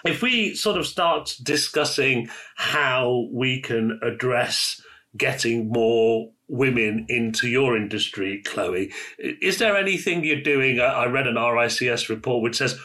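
A man from Manchester hosts a panel talk, chatty and prone to stumbling starts. His voice has a bright, forward tone. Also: medium pitch, measured pace. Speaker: host. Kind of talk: casual panel discussion.

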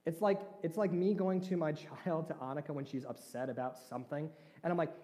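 A man's voice: a little high, fairly even intonation, fairly quick, dark tone. A man preaching a sermon as a pastor, talking conversationally and putting questions to his listeners. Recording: long reverb of a large hall.

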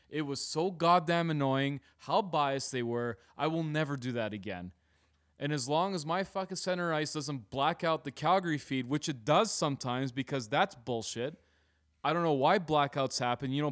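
A man co-hosting a casual sports podcast, animated, swearing freely and laughing often. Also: mid-range voice. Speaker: podcast co-host.

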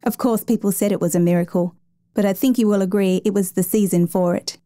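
A woman reading a story aloud in a measured, gentle storytelling manner. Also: mid-range voice, fairly even intonation, dry recording. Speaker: narrator. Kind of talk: scripted story narration.

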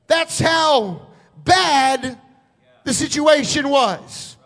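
A man preaching a sermon, retelling a scripture story dramatically and building to loud shouts. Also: very high-pitched, measured pace.

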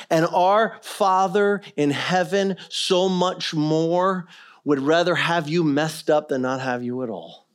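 A middle-aged man preaching a sermon as pastor, swinging between quiet earnest stretches and loud, impassioned ones. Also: high-pitched, normal speed.

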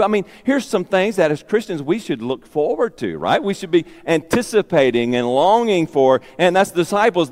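A man's voice: high-pitched, darkish tone, in a large hall. A man preaching a sermon as pastor, emphatic and repeating his key phrases.

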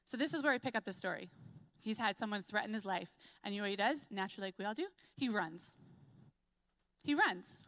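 A young adult woman giving a church sermon, telling stories in a lively way and acting out what people say. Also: mid-range voice, fast, no room sound. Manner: lively storytelling, acts out quotes. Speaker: preacher.

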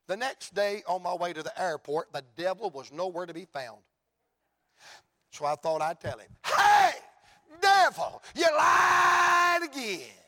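A man with a Southern US accent preaching an evangelistic sermon, telling folksy stories and building to shouted climaxes. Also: fairly high pitch, moderate pace. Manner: folksy storytelling, rising to shouts.

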